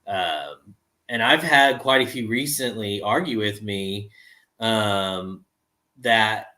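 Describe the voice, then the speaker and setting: A man's voice: fairly low pitch, slow pace, bright, forceful tone. A man in casual podcast chat, plainly explaining how contractors should run their jobs. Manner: matter-of-fact, explains business practice plainly.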